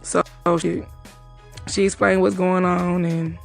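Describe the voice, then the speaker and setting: On the low side and gravelly, with a level tone, a woman runs through the events of her night out, faint music in the background. She swears freely, speaks fast, and dramatizes the quotes.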